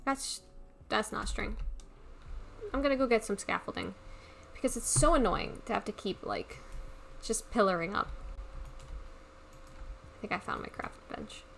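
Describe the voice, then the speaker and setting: A woman's voice: mid-range voice, expressive, unhurried, creaky, long pauses, a bit bright, slight background noise. A woman livestreaming a game, chatting in a rambling, casual way and laughing often. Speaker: livestreamer playing a block-building game. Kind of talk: casual live-stream chatter while playing.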